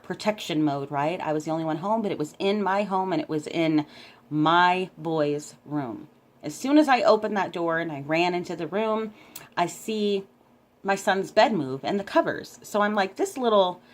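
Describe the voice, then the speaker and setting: A woman with a somewhat low-pitched voice tells a story to camera in a casual, lively way. She keeps checking in with her viewers, tossing in "right?" as she goes. It sounds like she is filming herself on a handheld camera. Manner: animated, repeatedly checking in with "right?". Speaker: vlogger recounting a dream.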